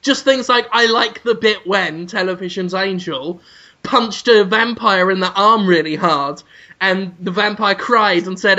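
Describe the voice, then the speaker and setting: Deadpan British man telling absurd stories. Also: sits high, measured pace. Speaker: podcast co-host. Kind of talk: comedic podcast chat. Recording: dull lo-fi podcast audio.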